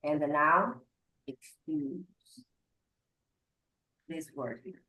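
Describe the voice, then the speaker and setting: A woman's voice: on the low side, a little slow, roomy sound, narrow, tinny audio. A woman English teacher leading an online class, patiently explaining grammar and switching between English and Portuguese.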